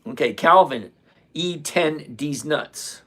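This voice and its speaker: Husky sixty-something man chatting on a livestream. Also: on the high side, takes it slowly. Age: 60s. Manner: relaxed, chatty, laughs often, talks to chat by name. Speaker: livestream trading host. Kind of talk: casual livestream chat reading viewer comments.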